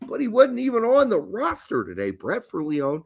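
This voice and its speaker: A man co-hosting a casual soccer chat, talking in an animated, profane, rambling way. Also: high-pitched, normal speed, breathy edge. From born in the US, raised in Germany. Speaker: podcast co-host.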